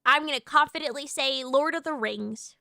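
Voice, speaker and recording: A woman streamer chatting casually with her live chat, excitable and swearing freely, with lots of fillers and restarts. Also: high voice, normal speed, gravelly, no echo, studio quality.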